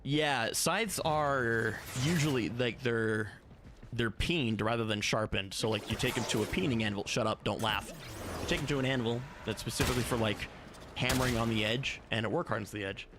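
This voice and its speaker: A man's voice: medium pitch, normal speed, noisy background. A man streaming a game, chatting casually with viewers in a joking, profane, offhand way. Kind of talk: casual live-stream chat.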